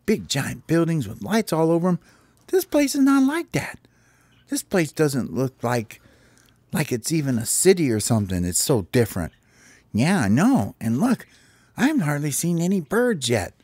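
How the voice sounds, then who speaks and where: A man's voice: on the high side, very animated, darkish tone, breathy edge, no echo, pitched above the performer's own voice, full character voice. A man voicing young skateboarding birds in a bedtime-style story, talking loosely with lots of "like". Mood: amazed. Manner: casual, drawn-out, full of "like".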